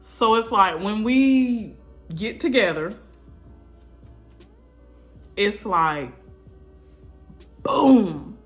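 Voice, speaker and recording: Lively, expressive woman telling a story. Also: mid-range voice, drawn-out words, pauses often, faint music behind. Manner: animated, chatty, addresses viewers with asides. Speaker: vlogger telling her birth story. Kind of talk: casual storytelling to camera.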